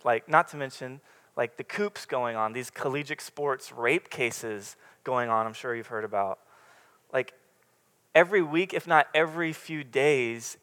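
Young man, preacher, casual sermon, rambling filler-heavy delivery, average pitch, long hall reverb. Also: bright, forceful tone. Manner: candid, rambling, many fillers and restarts. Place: church meeting room with congregation.

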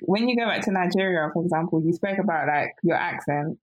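A woman's voice: fairly low pitch, brisk, dry recording. A woman interviewer asking questions casually and hesitantly, often restarting her sentences. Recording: dull lo-fi sound.

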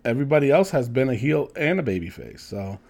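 A man's voice: mid-range voice, big pitch swings, fast talker, gravelly, darkish tone. A man co-hosting a podcast, rambling casually with many fillers and some swearing. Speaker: podcast co-host. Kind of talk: casual wrestling chat.

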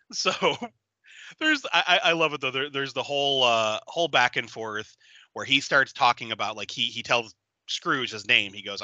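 A man co-hosting a film podcast tells the story of a movie with animated, swearing enthusiasm and frequent laughter. His voice is very bright and sits at an average pitch. The sound is dry and close to the mic. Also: normal speed, no room sound. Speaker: podcast co-host. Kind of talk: casual movie recap chat.

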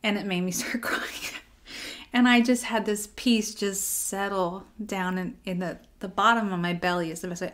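A female devotional speaker gives a conversational, personal talk, acting out her own inner dialogue and dropping to a soft near-whisper at tender moments. Her mid-range voice has fairly even intonation at normal speed, with a little hiss or hum in the recording.

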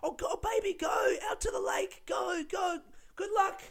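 A man doing a high gushing lovestruck woman. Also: measured pace, vocal fry, exaggerated voice. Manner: high gushing falsetto, shouting. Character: doting woman sending her man off, gushing.

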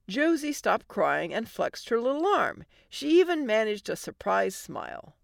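Wry woman with a gravelly voice narrating stories. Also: fairly high pitch, sing-song, a little slow, hardly any pauses, no room sound. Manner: wry, dry comic delivery. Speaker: podcast host and story narrator. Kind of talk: storytelling podcast narration.

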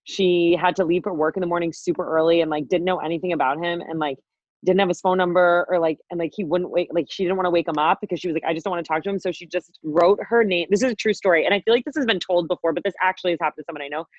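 A woman's voice: lowish voice, fast talker, no echo, lo-fi sound. A young woman co-hosting a podcast, telling rambling stories in casual chat, laughing often and swearing freely. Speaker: podcast co-host.

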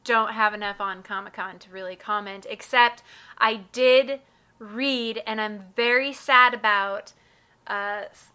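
Woman, podcast co-host, bright sharp voice, slightly high, playful, teasing. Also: clear, resonant tone. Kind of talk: casual chat.

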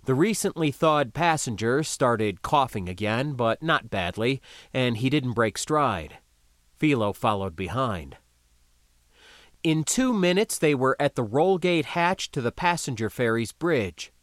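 A man narrating an audiobook in a lively, unhurried reading voice. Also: mid-range voice, no echo, studio quality.

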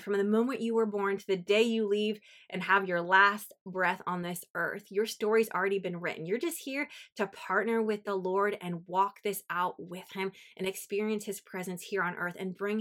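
A woman in her thirties hosting a faith podcast, talking in an earnest, chatty way with lots of "like.". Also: medium pitch. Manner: earnest, chatty, uses 'like' a lot. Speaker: podcast host. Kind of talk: heartfelt faith podcast talk.

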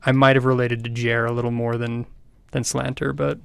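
A man with a smooth, clear voice at an ordinary pitch reflects on the characters he likes, often pausing and hedging as he works out his thoughts. The sound is close and dry. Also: level tone, fairly bright tone, dry recording. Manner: thoughtful, hesitant. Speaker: podcast co-host. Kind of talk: casual book discussion.

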